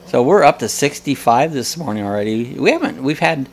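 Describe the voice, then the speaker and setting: A man's voice: mid-range voice, expressive, brisk. A man hosting a live coffee chat, blunt and jokey, laughing often as he reads viewer comments. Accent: American.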